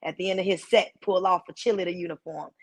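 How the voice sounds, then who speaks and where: A woman's voice: on the low side, fast. A woman comedian from Chicago with a heavy, punchy voice, telling stories in a casual chat and acting out the people she quotes. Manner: animated storyteller who acts out quoted voices. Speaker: guest comedian.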